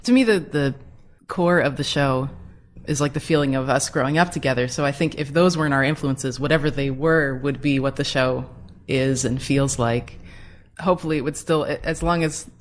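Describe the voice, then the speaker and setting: A woman, the show's creator, chatting in an animated, rambling way and laughing often as an interview guest. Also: rumbling low, moderate pace, few pauses. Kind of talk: casual chat.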